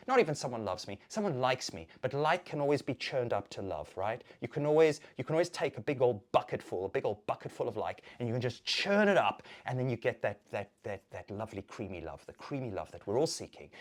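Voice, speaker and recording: A YouTuber ranting to camera, swearing a lot and swinging between loud outbursts and low muttering, repeating words over and over. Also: big pitch swings, fast, few pauses.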